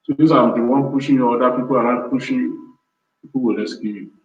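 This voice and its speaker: A man's voice: medium pitch, fairly even intonation, quick pace. A man hosting a business show, giving a motivational talk in a repetitive, pleading way. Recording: distant, roomy, dull sound.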